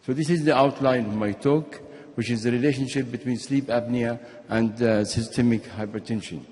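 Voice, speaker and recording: Delivering a medical conference talk, this Arabic-speaking physician has a mid-range voice and a moderate pace. The hall echoes around his steady, explanatory lecturing, and at times he starts over or repeats a word.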